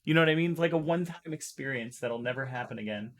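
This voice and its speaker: On a live stream, a man chats casually in an excitable, emotional way, wandering off track and starting sentences over. His mid-range voice still sounds strained from his recovery, and he talks fast.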